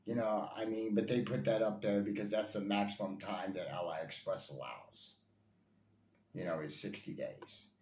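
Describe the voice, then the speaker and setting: A man's voice: on the low side, moderate pace, darkish tone, slight background noise. Enthusiastic man reviewing toy blasters. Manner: enthusiastic, repetitive, lots of fillers. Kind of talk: casual product review. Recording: echoey room, faint ambience.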